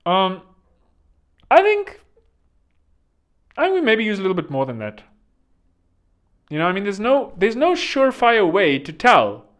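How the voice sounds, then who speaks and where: A man's voice: sits high, wildly swooping pitch, measured pace, long pauses, fairly bright tone. A man hosting a podcast, talking in a rambling, chatty way with joking asides. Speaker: podcast host. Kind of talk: casual podcast monologue.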